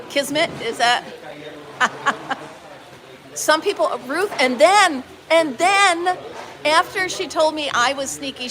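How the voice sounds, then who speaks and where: A woman from upstate New York hosting a live stream, telling a story in a casual, animated way and acting out quoted dialogue. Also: high-pitched. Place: barn market booth. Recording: busy crowd noise behind.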